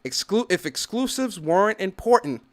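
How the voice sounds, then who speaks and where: A high-pitched man hosts a podcast alone, ranting with lots of swings in his voice. He swears freely and acts out the people in his stories. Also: big pitch swings, normal speed. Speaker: podcast host. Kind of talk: opinionated solo commentary.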